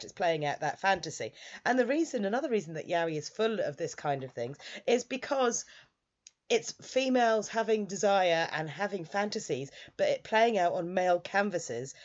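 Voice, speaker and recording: A woman's voice: lowish voice, lo-fi sound. A woman chatting casually through a frank review, peppering her talk with "like". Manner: chatty, frank, heavy use of "like". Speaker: anime reviewer.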